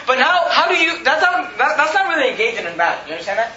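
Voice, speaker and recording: A man's voice: extremely high pitch, sing-song, fast, few pauses, bright, forceful tone, echoey room, lo-fi sound, a little hiss or hum. A man pastor preaching a sermon, asking the congregation rhetorical questions and building emphasis. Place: church sanctuary.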